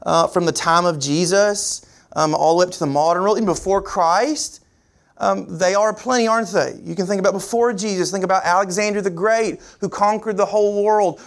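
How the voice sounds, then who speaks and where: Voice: fairly even intonation, fairly quick. A preacher delivering a sermon in an earnest, repetitive way, asking the congregation rhetorical questions and pushing key words up and down for emphasis. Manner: pitch and pace swing widely for emphasis.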